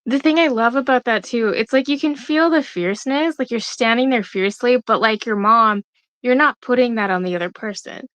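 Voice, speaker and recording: A woman co-hosting a casual podcast conversation, listening with soft affirming murmurs and reflecting on what she heard. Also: fairly high pitch, a little fast, no room sound.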